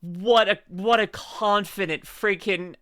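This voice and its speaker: A woman's voice: mid-range voice, fairly even intonation, slow pace, a bit bright, soft background music. A woman streaming a casual reaction to a video, giggling often, rambling and reading chat aloud.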